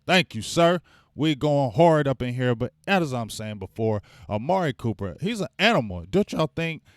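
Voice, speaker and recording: A man's voice: mid-range voice, animated, normal speed, no echo, studio quality. A man hosting a casual live sports fan stream. He rambles, gets hyped and calls out to the chat viewers. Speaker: fan show host.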